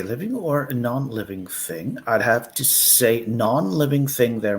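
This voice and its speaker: A man's voice: mid-range voice, big pitch swings, unhurried, a little hiss or hum. A Canadian man hosting a riddle game on a stream, teasing and playful, with lots of fillers. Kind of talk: casual chat.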